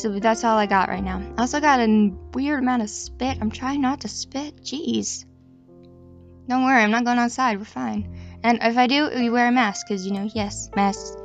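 A woman's voice: a little high, highs cut off. A young woman in her twenties chatting casually, meandering and self-deprecating, often restarting her sentences. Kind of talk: casual rambling chat.

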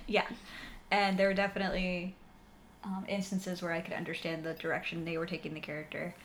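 A woman chatting casually about films, thoughtful and halting, often trailing off quietly. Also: lowish voice, level tone, slight background noise.

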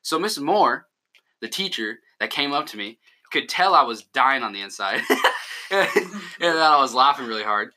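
A teenage guy co-hosting a loose podcast with friends. His voice is very bright and forward, and he jokes constantly and cracks up often. He talks over the others. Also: mid-range voice, expressive, normal speed, a little hiss or hum. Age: teens. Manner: joking, laughs a lot, talks over others. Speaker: podcast co-host. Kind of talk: casual chat.

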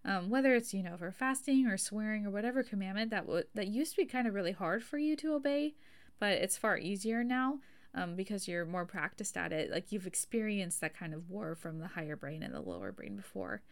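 A woman's voice: medium pitch, animated, brisk. A woman hosting a casual religious teaching podcast, talking in a chatty, self-deprecating way, with frequent laughs and fillers. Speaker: podcast host.

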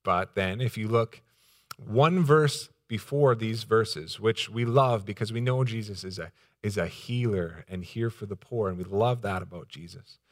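A man's voice: on the low side, measured pace. A male pastor preaching a sermon, voice rising with emphasis when he acts out quotes.

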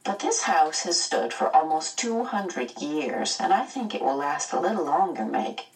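A woman as a brisk, calm mother. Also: low-pitched, recorded from a distance. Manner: light, reassuring.

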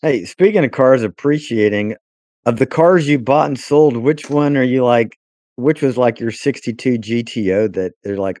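A man co-hosting a car podcast, asking questions in an excitable, casual way. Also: mid-range voice, moderate pace, no room sound. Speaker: podcast co-host. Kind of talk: casual chat.

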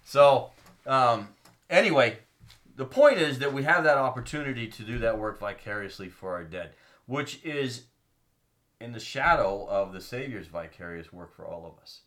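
A man's voice: medium pitch, expressive, moderate pace, a bit bright. A man co-hosting a casual faith podcast, reading scripture aloud and explaining it earnestly, stopping with ums to find his place. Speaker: podcast co-host.

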